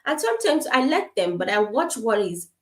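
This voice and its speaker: With a slightly high, sing-song voice at normal speed, an African woman speaks casually to parents over a video-call webcam in an echoey room. Her manner is earnest and repetitive, peppered with fillers and restarts.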